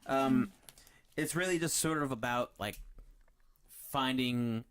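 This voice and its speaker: A man's voice: mid-range voice, takes it slowly, clean tone. A man hosting a podcast, chatting casually and rambling through a story with lots of fillers and restarts. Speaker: podcast host. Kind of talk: casual chat.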